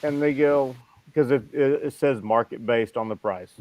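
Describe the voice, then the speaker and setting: A man in a casual online chat, blunt and quick to swear. His voice sits at a middle pitch and sounds very dry, with no room around it. It comes through a video call. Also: lively intonation, a little mellow, dry recording. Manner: blunt, profane, laughs mid-sentence. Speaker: chat guest.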